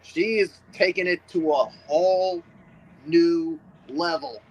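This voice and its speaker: A man's voice: high voice, takes it slowly, creaky, breathy edge, rough recording. A man co-hosting a podcast who chimes in with reactions during a wrestling recap.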